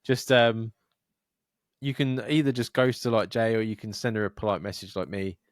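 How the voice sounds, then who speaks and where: A man's voice: fairly low pitch, fairly even intonation, normal speed, dry recording, clean studio sound. A man co-hosting a podcast in casual chat, laughing often, swearing and giving blunt advice. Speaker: podcast co-host.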